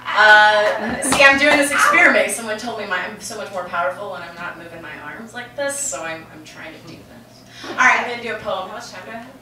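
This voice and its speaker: A woman's voice: mid-range voice, a little fast, a crowd in the background. A young adult woman telling a frank personal story on stage, rambling and profane, with many "like" fillers. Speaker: open-mic storyteller. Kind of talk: confessional stand-up storytelling. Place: stage in a roomy venue with a live audience. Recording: echoey room from far off.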